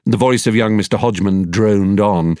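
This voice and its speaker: A man's voice: lowish voice, normal speed, a little mellow, no room sound, clean studio sound. A man reading a first-person story aloud in a droll, wry storytelling manner. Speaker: narrator. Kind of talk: scripted audiobook narration.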